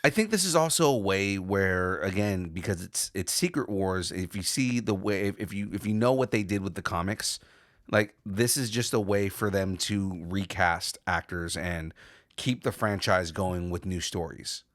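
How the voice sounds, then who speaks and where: Man, podcast co-host, deep low voice, dry close sound, rambling casual chat. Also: moderate pace, no room sound. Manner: rambling, with many restarts and "you know"s.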